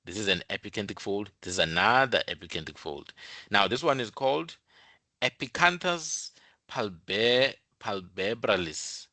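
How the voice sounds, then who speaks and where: A man's voice: lowish voice, animated, fairly quick, sharp tone, no room sound. A man who explains things step by step in an informal talk, repeating his points and using many fillers. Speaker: channel host.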